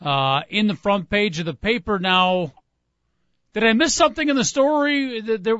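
High-voiced radio co-host, dull sound. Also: male voice, animated, moderate pace, fairly bright tone, dry recording. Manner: brief interjections and questions. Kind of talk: casual radio talk.

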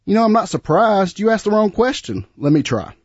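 A man voicing a smug, wisecracking churchgoer in a told joke, pitched up. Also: very animated, a little fast, husky, no room sound, highs cut off, exaggerated voice.

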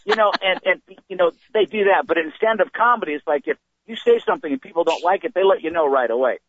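Middle-aged male stand-up comedian, lively storyteller, acts out quotes; tinny phone-quality audio. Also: high voice, fast, no room sound. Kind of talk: storytelling in an interview. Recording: phone-like dry sound.

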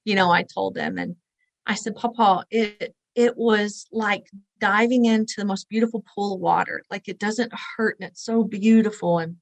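A woman's voice: medium pitch, fairly even intonation, moderate pace, creaky, dry recording, rough recording. A woman in her forties, a guest in an interview, tells a personal story in an earnest, conversational way and acts out the voices she quotes. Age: 40s.

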